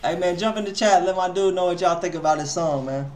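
A man hosting a live music review stream in casual chat. He talks in loose slang with a slight stutter, swinging from low mumbled asides to loud exclamations. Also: fast talker. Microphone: headphones on while streaming.

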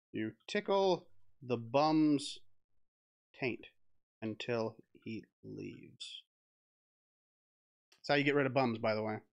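A man's voice: medium pitch, drawn-out words, creaky, pauses often, highs cut off. A man streaming a text adventure game, reading the game text aloud with giggles, swearing and restarts. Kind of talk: casual let's-play commentary, reading game text aloud.

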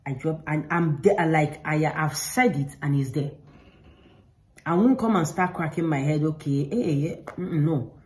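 Low-voiced woman giving earnest faith advice. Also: expressive, unhurried, a little mellow, low-quality recording. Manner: earnest, informal, repeats herself for emphasis. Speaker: faith vlogger. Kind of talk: earnest direct-to-camera advice. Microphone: camera.

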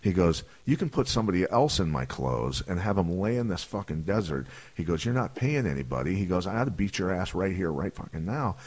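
A man's voice: low voice, lively intonation, fairly quick, few pauses, a little mellow. A man, a retired fighter telling profane stories on a podcast and acting out the voices of the people in them. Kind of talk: casual storytelling.

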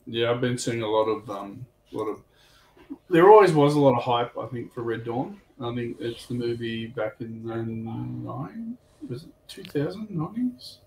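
Gravelly man in an echoey room. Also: mid-range voice, normal speed. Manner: relaxed, agreeable, rambling. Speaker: livestream co-host. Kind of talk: casual livestream chat. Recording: echoey room with faint noise.

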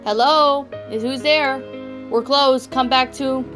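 A woman voicing a worried middle-aged father who shouts anxiously, in close to her own voice, with music underneath. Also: high voice, fairly even intonation, slow, voice pushed up. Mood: puzzled.

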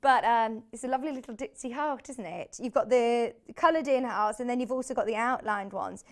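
A woman talks viewers through products on a live shopping channel from a TV studio. She is chatty and bubbly and laughs easily. Her voice sits a little high. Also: fairly quick.

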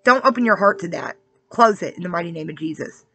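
A woman's voice: on the low side, lively intonation, fast talker, pushed and bright, slightly rough, soft background music. A woman giving a spiritual card-reading message in a casual preaching way, earnest and confiding, who keeps checking in with her listeners. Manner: earnest, keeps checking in with "all right?" and "okay?"; confiding and testimonial.

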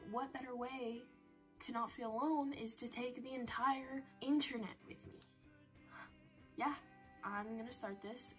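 Teen girl rambling at her phone cam, kinda high voice, jokey about herself, faint music behind. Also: a bit bright, poor audio. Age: teens. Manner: rambling, self-mocking, chatty. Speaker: vlogger. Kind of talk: casual chat to camera.

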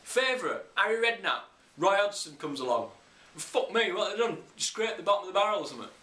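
A man's voice: high-pitched, expressive, a little fast, sharp tone. A young English man ranting bluntly about football, sweary and opinionated. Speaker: football vlogger. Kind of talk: casual ranting monologue. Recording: echoey room.

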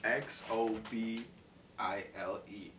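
A man's voice: fairly low pitch, fairly even intonation, slow. Laid-back slangy man reacting to a clip. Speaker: reaction video host. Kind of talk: casual reaction chat. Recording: echoey room, mic at a distance, noise.

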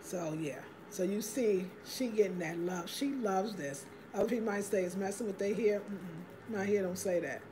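A woman's voice: mid-range voice, moderate pace, few pauses, noisy background. Chatty woman hosting a home livestream. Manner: chatty and upbeat, greets viewers by name. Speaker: livestream host. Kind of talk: casual livestream chat reading viewer comments.

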